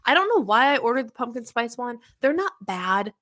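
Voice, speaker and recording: Woman host, chatty and upbeat, bright voice, for a casual livestream. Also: on the high side, sing-song, a little fast. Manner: chatty, greets viewers by name, frequent laughs.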